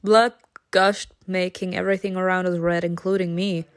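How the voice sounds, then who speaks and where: A woman reading an interactive story game aloud, narrating dramatically and breaking into giggles and excited comments. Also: lowish voice, moderate pace, clean tone, no room sound.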